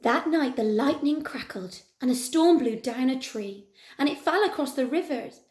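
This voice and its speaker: A woman teacher reading a picture book aloud to her pupils in an animated, expressive way. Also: high-pitched, normal speed. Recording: echoey room.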